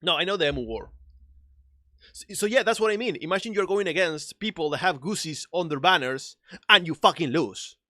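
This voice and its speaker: A man with a non-native English accent streaming a video game, chatting excitably, laughing and swearing often. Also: a little high, fairly quick, no echo, studio quality. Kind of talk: casual live-stream chat.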